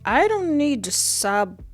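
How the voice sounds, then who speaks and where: A woman's voice: medium pitch, a bit bright, heavily acted. A defiant drunk young woman slurs her way through every line, tripping over syllables, as a woman puts her on. She sounds loose and stubborn, with faint music somewhere behind her. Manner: slurred, stumbling drunk speech.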